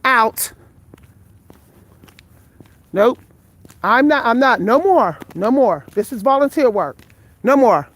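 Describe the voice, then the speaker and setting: Walking a street outdoors at night and filming on her phone, a tired, breathless vlogger in her forties talks bluntly and with profanity to her viewers in a live vlog. Her voice is fairly high with lively intonation, and she speaks slowly with long pauses.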